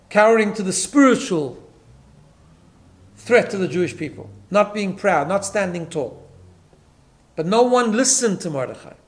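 A man teaching a Torah class, emphatic, often repeating words and checking in with "right?". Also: sits high. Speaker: rabbi.

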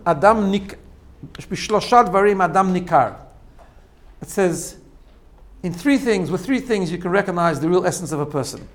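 A man giving a spoken lesson, explaining step by step with frequent "right?" checks and repeated phrases. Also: a little high. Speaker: teacher. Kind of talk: spoken lesson on self-growth.

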